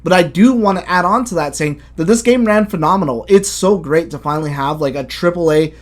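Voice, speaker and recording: A man hosting a casual game review chat, animated and blunt, swearing freely as he talks. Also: fairly high pitch, brisk. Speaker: video game podcast host.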